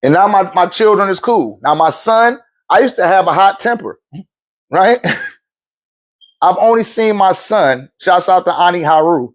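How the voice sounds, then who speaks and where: A middle-aged spiritual talk show host tells a story in a laid-back, slangy monologue, chuckling often and acting out quoted voices. His voice is high-pitched with lively intonation, and he keeps a measured pace.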